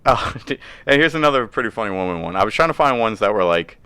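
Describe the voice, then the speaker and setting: A man's voice: fairly low pitch, quick pace, clear, resonant tone, no echo. A man co-hosting a casual podcast, telling rowdy stories with lots of laughter and silly put-on voices. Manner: animated storyteller, laughs often, mimics voices. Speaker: podcast co-host. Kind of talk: casual crude podcast banter. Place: indoor room, video podcast.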